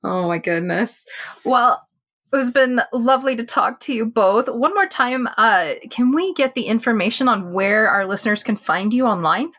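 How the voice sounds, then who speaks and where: A woman hosting a podcast, upbeat and quick to laugh. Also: fairly high pitch, expressive, fairly bright tone. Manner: giggly, upbeat. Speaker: podcast host. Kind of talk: casual interview chat.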